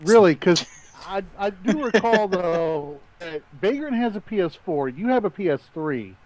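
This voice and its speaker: A man's voice: sits high, animated, moderate pace, crowd noise, poor audio. A man teasing his friends in casual chat, with wry interjections.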